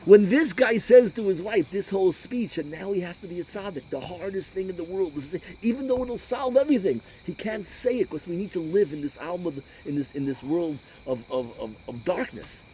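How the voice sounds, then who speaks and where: A rabbi preaching an animated sermon, sprinkling Hebrew and Yiddish terms through his English. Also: high voice, a little fast, few pauses, slight background noise, low-quality recording.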